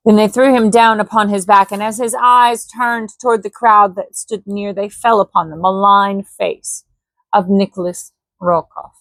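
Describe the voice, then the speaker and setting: A woman reading a classic adventure novel aloud as a bedtime story, gentle, with casual asides to her listeners. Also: mid-range voice, fairly even intonation, moderate pace, dry recording. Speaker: storybook reader.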